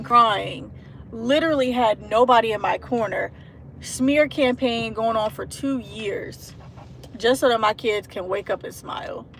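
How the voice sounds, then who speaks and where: A woman in her thirties talking earnestly and emotionally into a handheld phone, rambling with restarts in a casual vlog. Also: fairly high pitch. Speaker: vlogger. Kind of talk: casual heartfelt monologue vlog. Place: out and about, walking into a store. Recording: phone recording with loud traffic noise.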